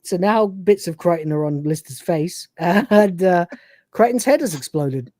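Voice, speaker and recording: A man, co-hosting a casual review chat, animated and sweary, acting out lines from the show between laughs. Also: high-pitched, a little slow, no echo, studio quality. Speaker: podcast co-host.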